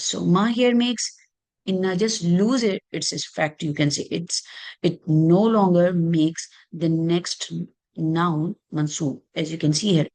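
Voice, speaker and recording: A woman with a notably low voice walks through grammar rules one at a time. Her delivery is patient and explanatory, with frequent "uh" and "like" between points. The style is a plain teaching lesson. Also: darkish tone.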